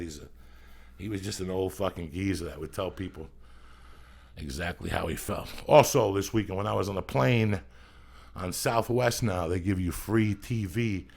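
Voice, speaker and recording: A low, gravelly male voice with a husky edge, talking as a stoned podcast host. He rambles through stories at a loose pace and swears constantly, sounding middle-aged. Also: a little mellow. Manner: profane, rambling storyteller. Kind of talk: casual podcast chat.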